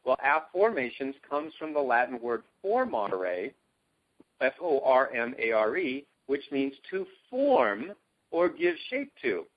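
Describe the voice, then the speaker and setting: This guest, a self-help coach, is very animated but keeps a measured pace as he enthusiastically explains his ideas over a call. He's emphatic, leaping up in pitch on key words, and the call-line recording sounds dull and lo-fi.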